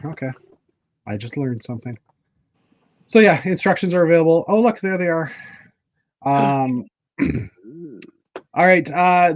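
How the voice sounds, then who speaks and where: A man's voice: fairly high pitch, highs cut off. A man from Canada hosting a casual livestream chat, rambling with lots of fillers and restarts. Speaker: livestream host.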